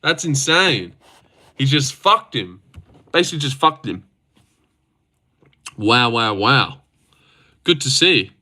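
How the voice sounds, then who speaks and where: A young man hosting a casual livestream, reacting to fights in a loose, sweary, excitable way into a desk mic. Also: mid-range voice, slow, pauses often. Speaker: livestream host.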